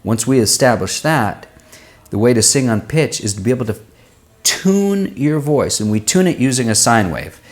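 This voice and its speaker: A man working as a vocal coach, answering viewers' singing questions and demonstrating vowels and pitches with his own voice. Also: big pitch swings, normal speed. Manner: explanatory, uses everyday comparisons.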